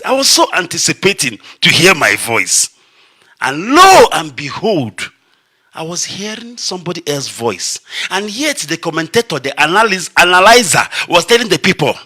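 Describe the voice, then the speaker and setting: A man's voice: a little high, sing-song, normal speed, sharp tone, husky. A man with a Nigerian Igbo accent, a radio broadcaster delivering an impassioned, emphatic monologue, repeating his points for weight. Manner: emphatic, repetitive, declamatory.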